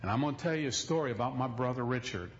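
A male pastor delivers a sermon in a church, telling stories in a folksy way and hitting key points hard. His voice is middle in pitch, and the recording is a little muffled, with faint noise behind it. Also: rapid-fire. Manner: storytelling, emphatic, folksy.

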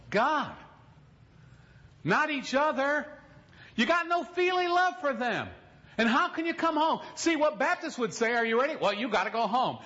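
A man preaching a sermon as a pastor, telling a folksy story and slowing down for emphasis. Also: very high-pitched, fairly bright tone, lo-fi sound.

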